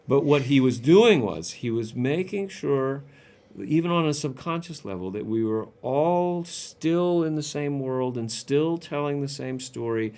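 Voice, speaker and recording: A man's voice: mid-range voice, measured pace, darkish tone. A man speaking as an actor in a press interview, telling a story in an earnest, reflective way. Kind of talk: casual press-junket chat.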